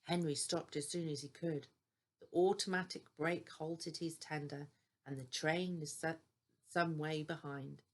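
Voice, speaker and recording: An older woman reading a children's bedtime story aloud in a gentle, deliberate way. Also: low voice, steady tone.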